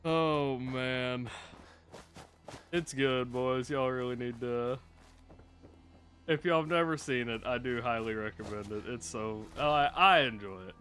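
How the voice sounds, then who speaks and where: Bright, swearing game streamer man. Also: mid-range voice, a little slow, long pauses. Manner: profane, rambling, laughs while telling stories. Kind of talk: casual live-stream chatter.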